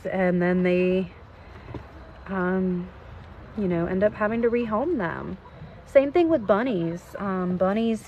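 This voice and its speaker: A woman's voice: medium pitch, gravelly, darkish tone, slight background noise. A woman in her thirties who runs an animal rescue, chatting casually outdoors in the rain with many fillers and cooing at her birds. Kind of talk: casual vlog chat. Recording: dull lo-fi outdoor sound, faint rain and clucking.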